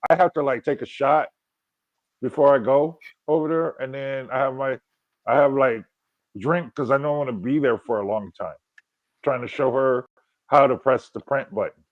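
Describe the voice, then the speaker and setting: A man's voice: medium pitch, normal speed, no room sound, phone-quality sound. A man co-hosting a livestream, telling rambling stories in casual chat. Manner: rambling storyteller, many restarts. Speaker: livestream co-host.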